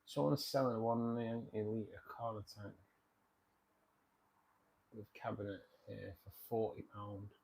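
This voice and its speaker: A chatty man hosting a casual livestream, talking over viewer comments with a jokey, repetitive patter. His voice sits a little on the low side for a man. He sounds relaxed and at home at his computer. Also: a little slow, gravelly, long pauses. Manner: chatty, jokey, repeats himself.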